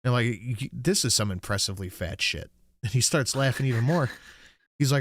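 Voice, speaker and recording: A man's voice: mid-range voice, a little fast, no room sound, clean studio sound. A man hosting a podcast, telling stories in casual, profane chat, laughing often. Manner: animated storyteller, laughs often, reads chat aloud. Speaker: podcast host.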